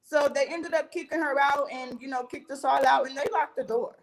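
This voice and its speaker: A young woman with a notably high voice is an interview guest, telling her story of a heated fight in loose, casual talk. Animated and brisk, she cuts into other people's lines and swears freely, and the audio quality is poor.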